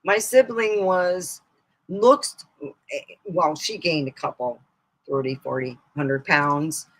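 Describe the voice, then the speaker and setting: Middle-aged lady streamer, slow rambly chat, bright voice, shrieky laughs. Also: low voice, rough recording. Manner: chatty, laughs loudly, shrieks at punchlines. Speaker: comedy streamer.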